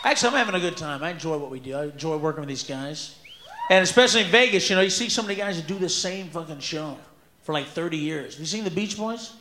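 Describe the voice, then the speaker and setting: A man performing a stand-up comedy set on a live stage, loud and profane, often breaking into shouts. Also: on the high side, expressive, fast talker. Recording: echoey live venue with room noise.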